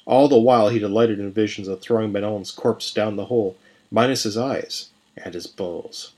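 A man narrating a scripted fantasy story in a measured, even reading. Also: on the low side, breathy edge. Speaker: podcast storyteller.

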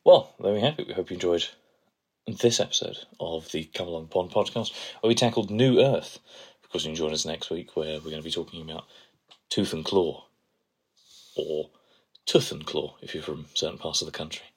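A man's voice: low voice, steady tone, quick pace, breathy edge. A man co-hosting a podcast, chatting playfully and enthusiastically. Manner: playful, enthusiastic, gushes over quotes. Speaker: podcast co-host. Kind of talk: casual chat.

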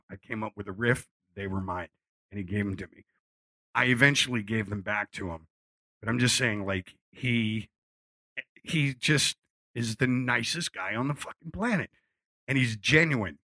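A middle-aged man spins a casual anecdote with lively, animated delivery, jumping into the voices of the people in his story. His voice is bright and forward, and the sound is dry and close, with no room around it. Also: mid-range voice, dry recording. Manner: animated storyteller, acts out quotes, swears freely. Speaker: musician telling a story.

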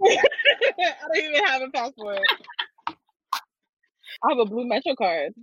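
A woman's voice: fairly high pitch, big pitch swings, measured pace, noisy background. Playful young New York woman, lo-fi. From New York, USA. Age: 20s. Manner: playful, laughs easily. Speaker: podcast guest. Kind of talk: casual podcast chat.

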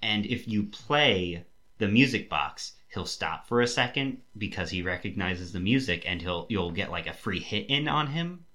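A man's voice: fairly low pitch, lively intonation, moderate pace, pushed and bright. A young man hosting a podcast who rambles with enthusiasm, full of fillers and restarts. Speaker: podcast host. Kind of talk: casual chat.

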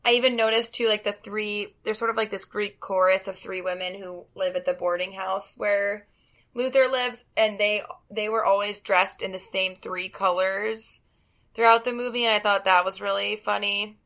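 A woman's voice: mid-range voice, steady tone, normal speed, fairly bright tone. A woman co-hosting a podcast in casual chat, chatty and hesitant, laughing easily. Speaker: podcast co-host.

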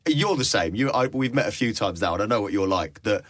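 Man, late 20s, radio presenter guest; quick, lower-pitched, jokey anecdotes, dry close mic. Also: dry recording. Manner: jokey, animated storytelling. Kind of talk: casual interview chat. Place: London.

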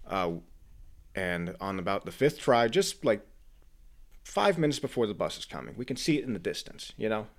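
A young man co-hosting a podcast, telling a story in casual, animated chat full of swearing. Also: on the low side. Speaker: podcast co-host.

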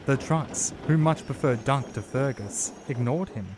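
A man reading a children's railway story in a slow, measured storytelling manner. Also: mid-range voice, noisy background. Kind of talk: scripted storybook narration. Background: music.

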